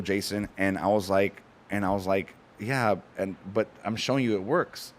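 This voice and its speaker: A man on a talk show, telling stories in a fast, animated, casual way with frequent restarts. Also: lowish voice. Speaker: guest, cannabis company founder. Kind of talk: casual chat.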